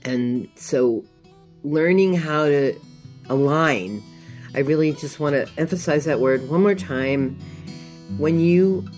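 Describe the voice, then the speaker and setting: A woman guest astrologer chatting on a radio show, meandering and quick to laugh. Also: low-pitched, a little mellow. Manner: slow, meandering, laughs easily. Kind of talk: casual radio chat. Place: radio studio.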